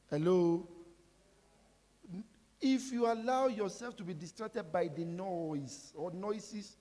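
A man preaching a sermon as pastor, asking the congregation questions and breaking into sudden shouts. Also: high voice, takes it slowly, long pauses. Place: large church hall. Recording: reverberant hall with music behind.

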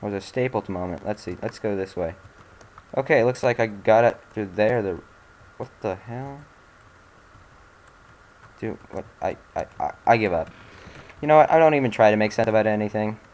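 A man's voice: on the low side, moderate pace, long pauses, darkish tone. A man hosting a let's-play, giving casual gameplay commentary while exasperated, muttering and swearing at the game.

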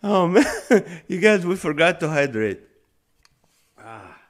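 A man hosting a live stream reads viewers' puns aloud at a slow pace. He keeps breaking into helpless laughter and sounds close to tears. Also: high voice, big pitch swings. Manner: laughing helplessly between punny lines. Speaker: host. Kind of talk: live-stream chat reading comments.

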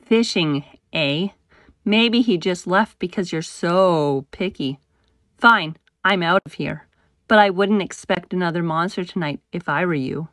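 A woman's voice: lowish voice, measured pace, a bit bright, no room sound, studio quality, voice pushed down. A woman voicing a big, goofy male monster who slurps and slobbers and turns whiny. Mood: slobbering.

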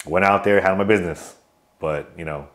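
A man's voice: low voice, fairly quick, fairly bright tone. A man in his thirties from California, an army veteran guest who tells his stories in a loose, rambling way full of fillers and restarts. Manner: outgoing joker telling stories. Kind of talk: casual interview storytelling.

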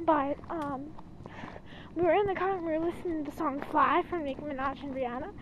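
A woman's voice: sits high, fast talker. Giggly young woman rambling outdoors. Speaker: vlogger. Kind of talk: casual chat. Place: outdoors, walking on a town street. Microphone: handheld camera. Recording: muffled outdoor recording with street noise.

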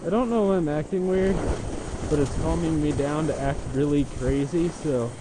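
A man filming himself skiing a steep slope, chatting in a casual, self-mocking, excitable way. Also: fairly high pitch, normal speed, noisy background. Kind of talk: casual self-filmed commentary. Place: outdoors on a steep ski slope.

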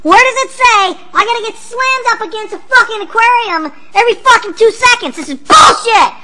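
A woman voicing a hyperactive, taunting, foul-mouthed cartoon character who talks in rapid, mocking, sing-song jabs. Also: medium pitch, lively intonation, very noisy, close to an everyday voice. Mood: furious. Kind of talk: cartoon voice acting.

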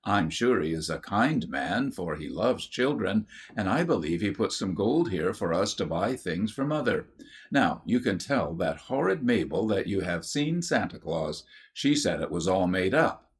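A man's voice: low voice, big pitch swings, a little slow. A man voicing an eager, chatty youngest little girl.

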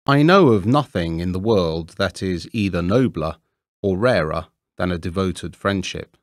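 A man's voice: low voice, lively intonation, unhurried, no echo, studio quality. A man voicing a pompous, self-important old male water rat in a storybook reading.

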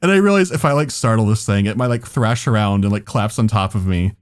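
A man's voice: lowish voice, fast talker. A man on a podcast telling a story in casual chat, laughing often and swearing as he goes. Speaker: podcast co-host.

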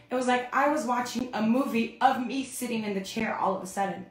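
A woman telling her personal testimony on a livestream, animated and storytelling. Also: fairly high pitch, brisk, hardly any pauses, echoey room, soft background music. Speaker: speaker sharing her testimony.

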